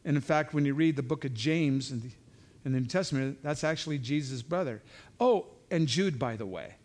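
A man's voice: mid-range voice, lively intonation, fairly quick, darkish tone. A man giving an informal verse-by-verse Bible teaching, talking conversationally with frequent asides and restarts.

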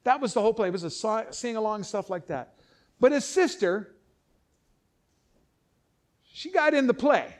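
Male Bible teacher, high voice, loose animated sermon delivery. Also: normal speed, long pauses. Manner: animated, acts out voices, trails off and restarts. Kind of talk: conversational sermon.

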